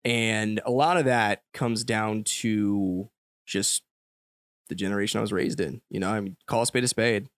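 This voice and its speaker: A young man from the United States speaks as a podcast guest, blunt and animated, swearing casually as he tells stories. His voice sits mid-range and the sound is dry. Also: on the low side, normal speed, no room sound. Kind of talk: casual conversation.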